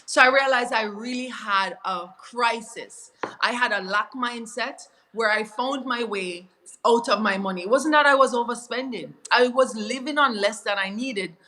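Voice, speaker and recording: A woman's voice: fairly high pitch, moderate pace, pushed and bright, low-quality recording. A woman with a Jamaican accent giving an earnest, confessional faith testimony as a guest in an interview, sometimes slipping into patois.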